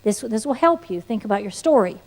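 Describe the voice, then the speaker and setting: A woman leads an evangelism class, speaking in a high, bright register. She teaches in a sermon-like way and weaves in her own testimony. Her delivery is folksy and lively, with playful asides. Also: a little fast.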